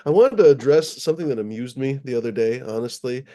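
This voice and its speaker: A man hosting a livestream in a loose, rambling way, with frequent swearing and plenty of uhs. His voice is mellow and dark, at a medium pitch for a man. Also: expressive, fast. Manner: rambling, profane, with many fillers. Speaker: livestream host. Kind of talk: casual livestream chat.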